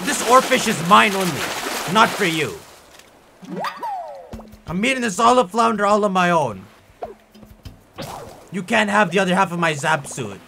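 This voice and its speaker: Animated young man ranting over gameplay. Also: sits high, normal speed, creaky, long pauses, a little hiss or hum. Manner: animated, theatrically angry ranting. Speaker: gaming YouTuber. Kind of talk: casual gameplay commentary. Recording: faint music behind.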